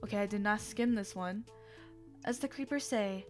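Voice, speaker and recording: A young adult woman streamer reading fan fiction aloud on a livestream, theatrical and lively, breaking off often to laugh and make asides. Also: mid-range voice, moderate pace, soft background music.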